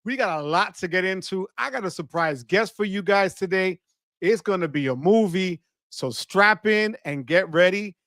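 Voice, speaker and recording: A chatty man hosts a live stream from his studio, his voice sitting high for a man and a bit off from allergies. He greets viewers by name and drops Spanish words as he goes. The sound is close and dry, with no room around it. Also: moderate pace, a bit bright, dry recording. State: voice affected by allergies. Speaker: host of a live credit card show. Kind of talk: casual livestream chat. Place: home studio. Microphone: close studio mic.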